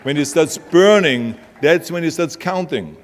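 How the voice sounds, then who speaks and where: A fairly high, expressive male voice, a little slow, comes with a bit of hiss or hum. The man is an Austrian motivational speaker with an Austrian accent, emphatic, blunt and plain-spoken, heard with hall reverb and music in a large hall.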